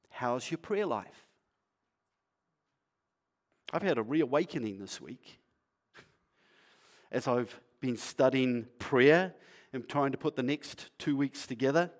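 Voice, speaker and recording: A male pastor preaching in a conversational, playful way, asking the congregation questions and sometimes dropping to a quiet, earnest tone. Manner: acts out a shopkeeper's sales pitch. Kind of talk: sermon.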